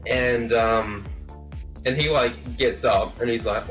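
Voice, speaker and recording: A teenage guy tells a story in a loose, rambling way, packing his talk with "like" and restarts. His voice sits at an ordinary pitch for a man. He is a bit far from the mic, with faint music underneath. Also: normal speed, fairly bright tone. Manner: rambling, full of "like" fillers. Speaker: vlogger. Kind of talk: casual storytelling.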